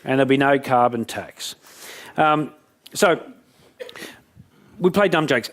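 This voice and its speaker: A man gives a keynote talk. His voice sits in a middle pitch, and he tells stories in an animated, joking manner. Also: slow. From Australia. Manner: animated, jokey storyteller. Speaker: motivational speaker.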